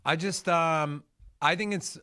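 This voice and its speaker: Co-host guy, kinda high voice, wry little jabs and questions, dry sound. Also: slow, bright, forceful tone, clean tone, no echo. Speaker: crypto show co-host. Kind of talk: casual chat.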